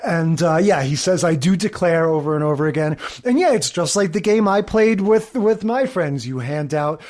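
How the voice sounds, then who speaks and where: A man's voice: fairly high pitch, animated, normal speed, a little mellow. A man co-hosting a podcast, casually recapping a sitcom episode and retelling scenes with quoted lines. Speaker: podcast co-host. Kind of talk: casual chat.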